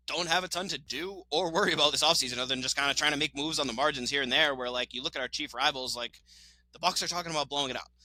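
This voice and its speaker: A man co-hosting a casual sports podcast, talking with fast, excited opinions, laughing often and swearing now and then. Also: medium pitch, rough recording. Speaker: podcast co-host.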